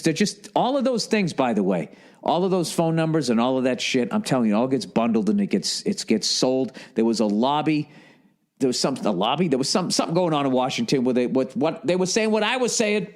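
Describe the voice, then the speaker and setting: A man rambling through a comic story on a podcast, profane and self-mocking, jumping up in pitch when he quotes people. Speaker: comedian podcast host.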